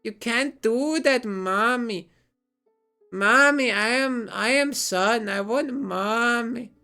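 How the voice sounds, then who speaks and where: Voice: medium pitch, takes it slowly, bright, forceful tone, clean tone, soft background music, pitched above the performer's own voice. A streamer putting on a whiny grown man lost in a supermarket, pleading and calling for his mother. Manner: whining, pleading, sobbing.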